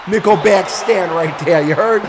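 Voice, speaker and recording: A man doing excitable, profane play-by-play wrestling commentary on a stream, often shouting and trash-talking the chat. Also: high voice, slow pace, a crowd in the background, background noise. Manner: trash-talks the audience and chat.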